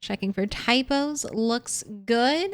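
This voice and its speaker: Slow-talking woman game streamer. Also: on the high side, animated, no echo. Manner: chatty, laughs often. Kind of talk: casual gameplay commentary.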